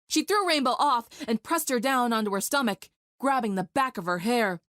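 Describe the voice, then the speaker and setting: A woman narrating a dramatic fan fiction story in a steady, vivid storytelling voice. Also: on the high side, normal speed, dry recording, clean studio sound.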